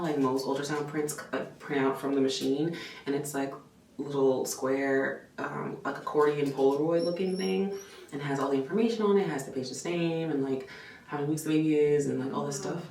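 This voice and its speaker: A woman vlogger telling a story in a casual, animated way, swearing freely and saying "like" a lot. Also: sits low, a little fast. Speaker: vlogger and nurse. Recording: echoey room, mic at a distance, faint background noise.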